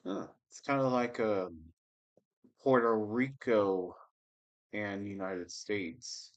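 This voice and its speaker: A man hosting a casual livestream, chatting with viewers and reading their comments aloud in a relaxed, rambling way. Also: on the low side, slow, highs cut off. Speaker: livestream host reading scripture.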